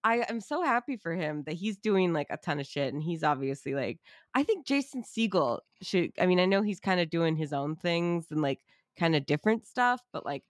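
A young adult woman co-hosting a podcast in casual chat, animated, swearing often and laughing a lot. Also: lowish voice, moderate pace, no echo, clean studio sound. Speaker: podcast co-host.

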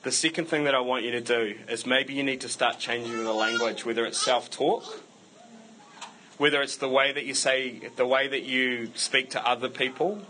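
A man's voice: mid-range voice, fairly even intonation, moderate pace, sharp tone, slight background noise, rough recording. A man preaching a sermon to his church in a conversational way, breaking it up with self-deprecating jokes. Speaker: pastor.

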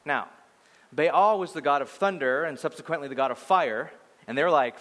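A man preaching a sermon as pastor, telling the story in an animated way that swings from loud to hushed. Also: on the high side, moderate pace. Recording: long hall reverb.

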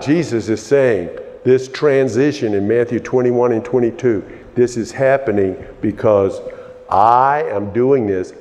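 A man's voice: lowish voice, darkish tone, big-room sound. A man preaching a fervent sermon, repeating his phrases and breaking into hallelujahs.

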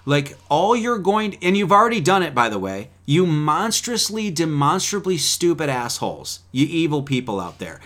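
A man preaching in a fiery, profane way, swinging between loud outbursts and quiet asides. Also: fairly high pitch, big pitch swings, normal speed, few pauses. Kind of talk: profane sermon-style talk.

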